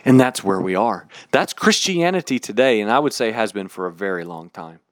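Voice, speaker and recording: A man preaching a sermon in an emphatic, candid, animated way. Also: fairly low pitch, a little fast, no echo, studio quality.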